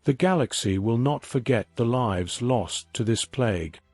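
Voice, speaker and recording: A man's voice: medium pitch, expressive, a little slow, a little mellow, no room sound, soft background music. A man reading the lines of a grave, solemn male Jedi master in a scripted story.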